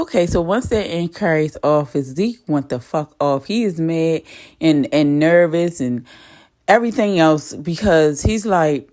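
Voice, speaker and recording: A woman's voice: low voice, lively intonation, unhurried, darkish tone. A woman casually recapping a TV episode in a chatty, profane, gossipy way.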